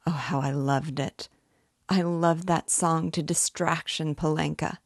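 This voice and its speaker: A woman voicing a proud, desperate dying mother who rambles in delirium with a hoarse, gasping voice, her cries rising. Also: deep voice, fairly even intonation, unhurried, dry recording, studio quality. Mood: rambling. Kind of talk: audiobook character reading.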